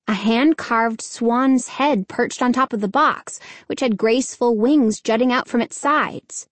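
A woman narrating a children's novel in a measured storytelling delivery. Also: a little high, no echo. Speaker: audiobook narrator. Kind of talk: scripted narration.

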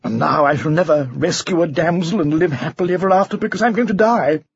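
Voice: mid-range voice, fast, gravelly, husky, no room sound. A reader playing a flustered boastful knight. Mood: miserable. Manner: indignant, self-pitying. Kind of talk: storybook reading. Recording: dull lo-fi recording.

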